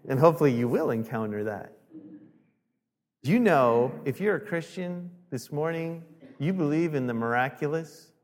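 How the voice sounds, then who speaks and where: Pastor, male, higher register, unhurried, dramatizes quoted voices, echoing church hall. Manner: animated, acts out quoted voices with rising volume. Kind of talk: sermon.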